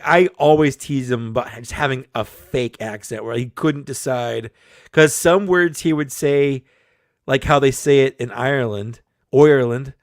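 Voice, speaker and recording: A man's voice: medium pitch, dry recording, studio quality. A man chatting as a guest, jokey and self-mocking, laughing often. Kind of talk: casual chat.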